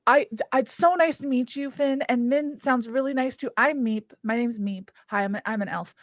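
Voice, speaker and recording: A woman voicing a cheerful, naive young elf who is excitable and childlike. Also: high voice, moderate pace, no room sound, studio quality, lightly acted. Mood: bubbly.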